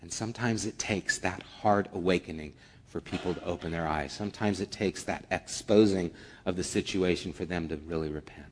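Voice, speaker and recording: A man preaching a sermon as pastor, earnest, moving between strong emphasis and hushed, almost whispered passages. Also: low voice, fairly quick, slight background noise.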